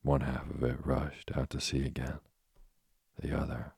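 A man narrating a storybook in a steady, measured reading. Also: a bass voice, creaky, slightly rough, no room sound, studio quality. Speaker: audiobook narrator.

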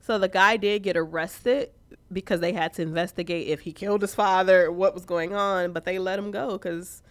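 A woman co-hosting a podcast, chatting casually and telling stories in an animated, profane way. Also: fairly low pitch, moderate pace, dry recording. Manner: profane, animated storytelling with frequent laughs. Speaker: podcast co-host. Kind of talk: casual chat.

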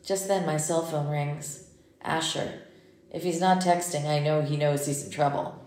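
A woman narrating a first-person audiobook in a measured, intimate way. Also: low voice, steady tone, darkish tone. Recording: roomy echo.

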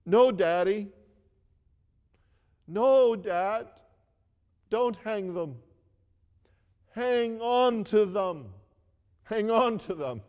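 A preacher putting on a little boy of eleven, begging his father, insistent and pitched high. The voice rings with long reverb. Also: animated, extremely slow, pauses often, a little mellow, clean tone, exaggerated voice. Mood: pleading. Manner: pleading, insistent. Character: pleading eleven-year-old boy.

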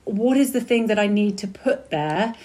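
A woman's voice: medium pitch, lively intonation, normal speed, darkish tone. Thoughtful woman podcast host. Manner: open, thoughtful, introduces guests. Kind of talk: casual chat.

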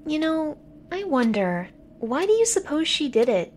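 A woman's voice: high-pitched, sing-song, a little slow, darkish tone. A woman playing a chatty, gossipy young woman who laughs easily, in an audio drama.

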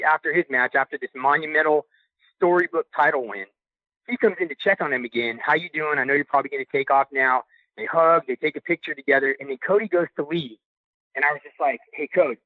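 A young adult man calling in to a podcast and telling a story in a casual, excited way with loose slang. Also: fairly high pitch, quick pace, dry recording. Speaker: podcast caller sharing a story. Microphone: phone call. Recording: tinny phone line, dry.

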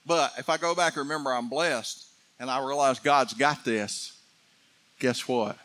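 A middle-aged man preaching a fervent sermon, building to excited peaks. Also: mid-range voice, unhurried. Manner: fervent, rising to shouts of excitement. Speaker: pastor.

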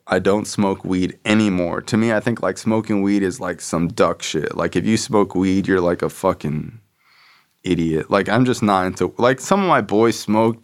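Male podcast host, lower voice, loose profane street slang, casual storytelling. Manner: slangy, profane, fills with "like", acts out friends' voices.

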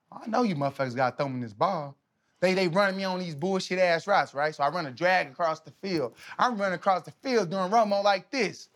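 A man in his thirties, a podcast guest, telling stories in a casual, animated, slangy way, often laughing. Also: fairly high pitch. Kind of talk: casual storytelling.

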